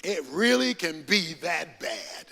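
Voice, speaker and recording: A man's voice: a little high, sing-song, slow pace, gravelly, pushed and bright. A man preaching a sermon with rising emphasis and folksy storytelling before a congregation. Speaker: pastor. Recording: reverberant hall recording.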